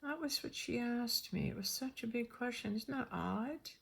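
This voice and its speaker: An older woman telling a personal story in a rambling, animated way, acting out the dialogue. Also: a little high, moderate pace, gravelly, slightly rough. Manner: rambling, animated, acts out dialogue in shifting voices.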